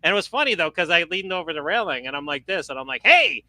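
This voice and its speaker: A man co-hosting a podcast, telling a story in a casual, sarcastic and animated way, often laughing. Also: on the high side, racing, dry recording. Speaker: podcast co-host.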